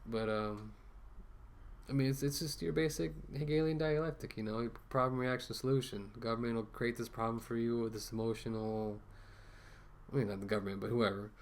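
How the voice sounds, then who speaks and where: A man's voice: mid-range voice, steady tone, brisk. A man ranting casually to camera as a vlogger, rambling with many fillers and restarts, talking through a mask.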